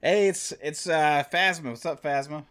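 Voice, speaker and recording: A man's voice: fairly high pitch, moderate pace, fairly bright tone. Fired-up man ranting to his audience. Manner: impassioned, profane ranting; talks straight to the audience. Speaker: gaming channel host. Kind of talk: live-stream commentary.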